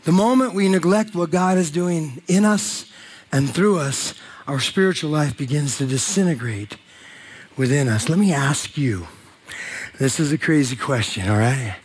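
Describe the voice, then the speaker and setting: Animated high-voiced male preacher. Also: measured pace, breathy edge. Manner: animated, joking with the congregation. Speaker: pastor. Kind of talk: sermon. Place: church hall.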